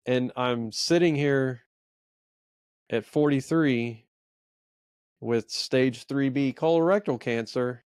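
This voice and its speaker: A man's voice: mid-range voice, clean tone, dry recording, studio quality. A man in his forties co-hosting a faith podcast, telling a personal story in a rambling, earnest, self-reflective way. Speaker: podcast co-host. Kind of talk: casual storytelling chat.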